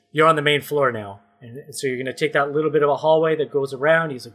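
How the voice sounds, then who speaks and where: Bright-voiced man narrating a story game. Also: a little high, animated, breathy edge. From Canada. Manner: playful, describes scenes slowly with mock suspense. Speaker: game master. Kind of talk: narrating a comedic tabletop-style story game.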